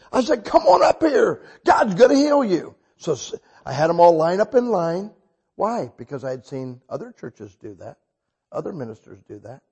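A husky-voiced man preaches in a storytelling sermon, his pitch a touch high for a man. He swings from quiet, drawn-out asides to loud, excited bursts. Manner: animated, bursts loud when quoting himself.

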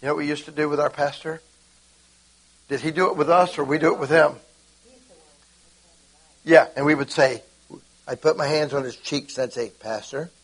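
Husky guy giving a laid back sermon, acts out dialogue, kinda high voice. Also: low-quality recording. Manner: animated, acts out conversations with God. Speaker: preacher. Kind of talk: informal sermon.

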